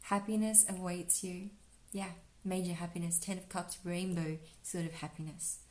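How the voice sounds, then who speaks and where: Soft dreamy woman in a roomy space. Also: fairly low pitch, flat delivery, moderate pace. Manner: soft and dreamy, full of "like" and "you know". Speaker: astrology and oracle card reader. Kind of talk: relaxed spiritual card reading.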